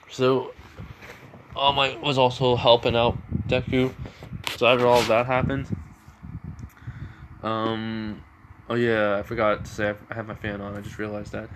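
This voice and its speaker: A man's voice: on the low side, slight background noise, rough recording. A man casually retelling his fan story at home, rambling with many restarts. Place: home room with a fan running.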